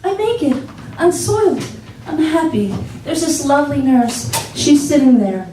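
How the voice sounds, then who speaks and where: A woman doing a stand-up set on a comedy theater stage, telling stories with animated exclaimed asides. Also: high-pitched, measured pace, slight background noise. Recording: echoey theater, distant mic.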